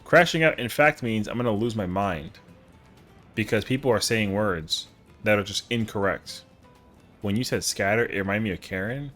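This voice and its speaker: A man's voice: lowish voice, moderate pace, a bit bright, faint music behind. A man streaming a game live, chatting casually with viewers in a rambling, slangy way. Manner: rambling, slangy, answers chat.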